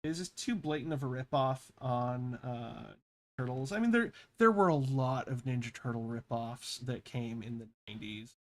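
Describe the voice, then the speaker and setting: A man's voice: mid-range voice, expressive, moderate pace. Rambling, laid-back man sketching sprites. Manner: rambling, swears freely, laughs at own stories. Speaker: pixel artist and vlogger. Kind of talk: casual chat while drawing.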